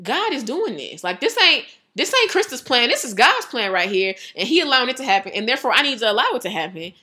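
A woman giving a casual devotional talk, chatty and animated, laughing often and saying "like" a lot. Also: a little high, quick pace. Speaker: devotional speaker.

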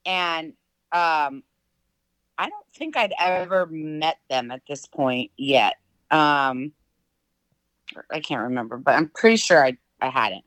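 A middle-aged woman telling a personal story in casual chat, full of fillers and lively quoted voices. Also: deep voice, slow, pauses often, no echo, rough recording. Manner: chatty, filler-heavy, animated quoting.

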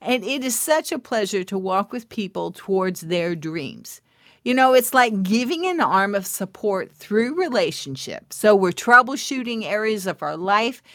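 Middle-aged female faith-podcast host and coach; unhurried, bubbly, prayerful, dry close-mic sound. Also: mid-range voice, dry recording. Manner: bubbly, laughs often, swings from soft prayer to excited chatter.

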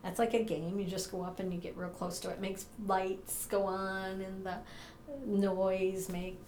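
A woman doing a paranormal investigation in a room of her own house, gently and patiently coaxing unseen presences to speak, with frequent ums. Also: mid-range voice, level tone, a little slow, reverberant, a little hiss or hum.

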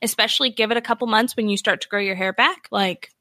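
Bright animated woman podcaster. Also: mid-range voice, quick pace, no room sound, studio quality. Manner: animated, laughing storyteller. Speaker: lawyer podcast co-host. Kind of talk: casual chat.

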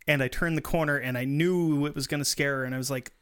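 A man's voice: mid-range voice, steady tone, quick pace, hardly any pauses, fairly bright tone, smooth. A married man in casual chat, telling stories in a dry, laid-back way. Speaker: haunted attraction actor.

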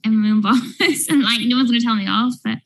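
Breathy young woman. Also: a little high, brisk, low-quality recording. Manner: chatty, lots of fillers. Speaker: guest, small business owner. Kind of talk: casual podcast chat.

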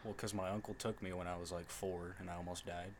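A man's voice: sits low, level tone, quick pace, a crowd in the background. A young man from Utah, a podcast guest, talking in a laid-back way with dry jokes. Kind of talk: casual chat.

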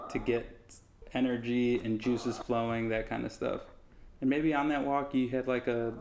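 A man co-hosting a podcast, chatting casually and explaining things in a relaxed way. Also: medium pitch, vocal fry, a little hiss or hum. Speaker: podcast co-host. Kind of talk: casual chat.

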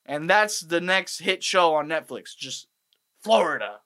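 A man's voice: on the high side, expressive, unhurried, bright, forceful tone. A young man ranting with profanity, rambling and sarcastic, in a casual comic monologue. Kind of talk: profane comedic rant.

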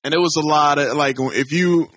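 A man's voice: fairly high pitch, normal speed, a bit bright, no room sound. A man hosting a podcast in casual chat, laid-back and slangy, with lots of agreeing murmurs. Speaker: podcast host. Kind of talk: casual pop-culture chat.

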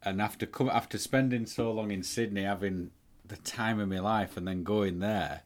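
A man's voice: on the low side, steady tone, moderate pace. A man in casual chat, blunt and swearing freely. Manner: blunt, swears, asks questions.

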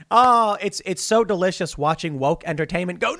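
A man hosting opinionated political commentary, animated and wry, with mocking asides. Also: sits high, normal speed, hardly any pauses, no room sound, studio quality.

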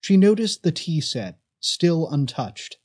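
A man narrating a story in a measured, expressive way. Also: a little high, husky. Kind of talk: audiobook narration.

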